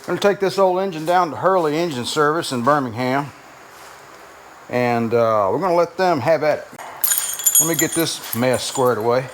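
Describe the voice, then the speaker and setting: A man's voice: fairly high pitch, normal speed. A man hosting a garage vlog, rambling in a folksy, self-deprecating way while working in his home garage and driveway. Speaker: garage channel host. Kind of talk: casual workshop vlog narration. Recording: noisy garage recording with clanking.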